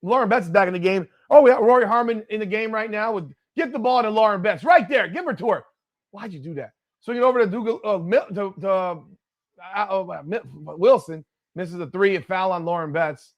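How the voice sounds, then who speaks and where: High-voiced excitable man calling plays. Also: fairly quick. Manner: excitable, critical, cursing, heckling players. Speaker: watch party host. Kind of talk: live play-by-play commentary.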